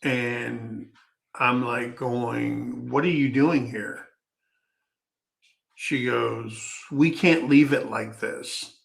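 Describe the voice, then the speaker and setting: A man's voice: mid-range voice, fairly even intonation, drawn-out words, vocal fry. A man telling a personal story in a casual, rambling, folksy way, often stopping to restart his sentences.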